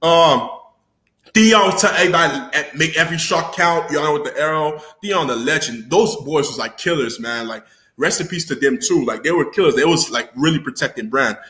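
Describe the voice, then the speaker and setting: A young man giving an excited, slangy recap of a TV episode, swearing freely and breaking into loud exclamations. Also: on the high side, normal speed, echoey room. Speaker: YouTuber reviewing a TV episode.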